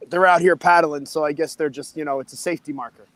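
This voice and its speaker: Chatty high-pitched american guy on a live chat, upbeat. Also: steady tone, quick pace, a bit bright, no room sound. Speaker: chat participant.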